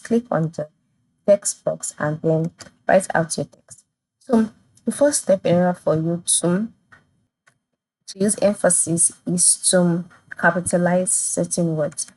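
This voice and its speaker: A woman hosting a software tutorial, explaining each step plainly with a few fillers and restarts. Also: lowish voice, dry recording, rough recording. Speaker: tutorial host. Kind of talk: screen-recorded software tutorial.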